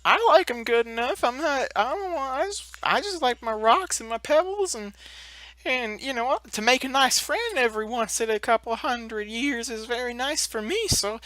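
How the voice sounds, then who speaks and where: A woman voicing a gentle, worried male giant who collects pebbles and rambles hesitantly as he tries to calm others down. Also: on the high side, moderate pace, no room sound, pitched above the performer's own voice. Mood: placating.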